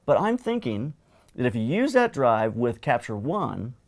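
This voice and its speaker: A man hosting a show, chatting casually and telling stories in an animated, jokey way with frequent laughter. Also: medium pitch, unhurried. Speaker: show host. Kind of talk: casual co-hosted chat.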